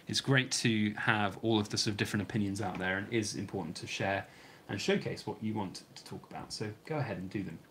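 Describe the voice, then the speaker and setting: A man's voice: lowish voice, a little hiss or hum. A British man hosting a long live stream, reading out viewer comments and answering them in a rambling, chatty way, his voice getting a bit worn. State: starting to lose his voice. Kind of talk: casual live stream chat.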